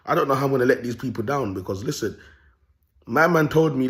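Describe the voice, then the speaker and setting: A man's voice: medium pitch, fast talker. A young man telling a story in a casual monologue, full of street slang and constant check-ins with his listeners. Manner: streetwise slang, animated, often asks "you get me". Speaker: self-styled prophet vlogger.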